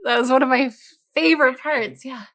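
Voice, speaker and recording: Female podcast host, fairly high voice, engaged and enthusiastic. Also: fairly even intonation, fairly quick, a bit bright. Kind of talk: interview conversation.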